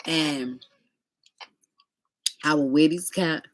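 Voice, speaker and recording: A woman's voice: low-pitched, drawn-out words, dry recording. Chatty middle-aged woman telling stories. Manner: chatty, talks straight to viewers as y'all. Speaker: vlogger. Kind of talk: casual storytelling.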